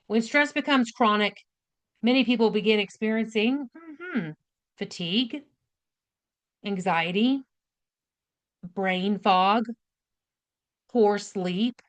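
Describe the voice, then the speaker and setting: A woman's voice: mid-range voice, fairly bright tone. A woman nurse giving a casual spoken health lesson, direct and chatty, often checking in with "right?" and "okay?". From United States. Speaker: nurse educator hosting a health class.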